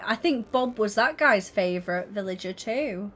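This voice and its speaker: A woman's voice: mid-range voice, expressive, normal speed, fairly bright tone, soft background music. A young woman streaming live, chatting casually with her viewers and constantly breaking into giggles. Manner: giggly, keeps breaking into laughter.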